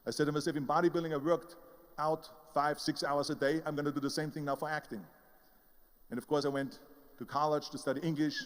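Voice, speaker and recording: With a long reverb tail trailing his words, an older motivational speaker with an Austrian German accent tells his story emphatically, imitating the people who appear in it. His voice is a little high.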